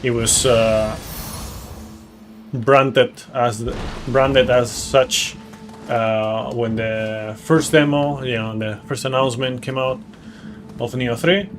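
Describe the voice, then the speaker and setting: A man's voice: mid-range voice, steady tone, slow pace, a little hiss or hum. A man streaming a video game, chatting casually in a rambling way with many fillers and casual swearing. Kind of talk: casual live-stream chat while playing. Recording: game music behind voice.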